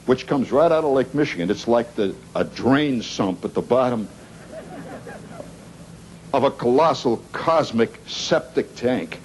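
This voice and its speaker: A middle-aged man telling a rambling comic story to a live audience, wry and animated, with dramatic pauses and sound effects. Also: on the high side. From Indiana, United States. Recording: 1970s live recording with noisy audience.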